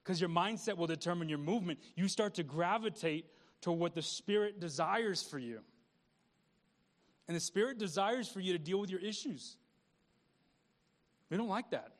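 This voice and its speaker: A man's voice: sits high, normal speed, long pauses. A man pastor preaching a conversational sermon, repeating words and asking the congregation questions.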